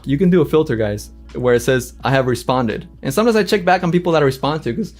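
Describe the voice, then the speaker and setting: A man's voice: on the high side, expressive, fast, hardly any pauses, soft background music. A man from Los Angeles hosting his own channel, animatedly reading comments aloud and answering them with sass. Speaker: channel host. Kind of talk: livestream commentary.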